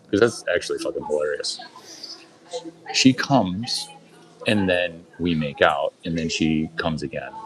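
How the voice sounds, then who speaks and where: A man's voice: deep voice, low-quality recording. A man doing crude, boastful stand-up on a club stage, rambling through a story and talking straight to the crowd. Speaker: open-mic performer.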